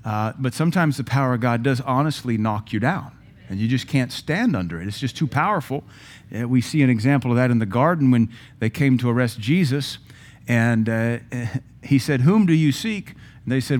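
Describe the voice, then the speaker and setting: A male pastor preaching a sermon in a church sanctuary, conversational and emphatic, with self-deprecating asides. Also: medium pitch.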